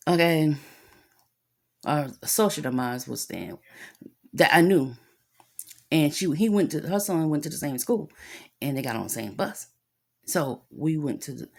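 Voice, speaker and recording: Low gravelly woman ranting, swearing freely. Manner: angry, profane, talks with lots of cussing. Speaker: mother telling a story. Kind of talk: casual storytelling rant.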